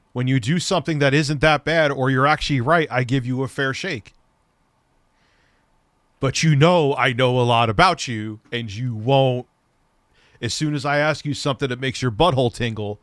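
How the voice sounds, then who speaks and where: A man's voice: mid-range voice, fairly bright tone, no room sound. A man hosting a live stream, mocking and ranting with plenty of swearing as he reacts to a clip. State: recovering from a leg injury. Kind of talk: casual live-stream commentary.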